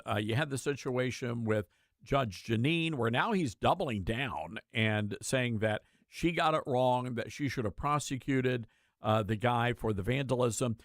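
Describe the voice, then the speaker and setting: A male talk radio host chats in an opinionated, conversational way with a sarcastic edge. His voice is mid-pitched and sits close and dry. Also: no echo.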